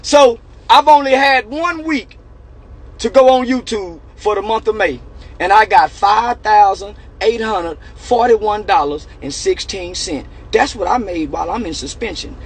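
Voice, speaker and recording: Very high-voiced bragging man. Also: a little slow, breathy edge. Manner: taunting, bragging, repetitive; profane street slang. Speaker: online personality. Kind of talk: boastful casual vlog rant.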